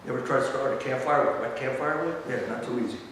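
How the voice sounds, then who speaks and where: A man preaching a sermon as a pastor, telling the story with animated swings between quiet asides and loud emphasis. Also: medium pitch, quick pace, background noise. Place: church sanctuary. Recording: echoey church hall from far off.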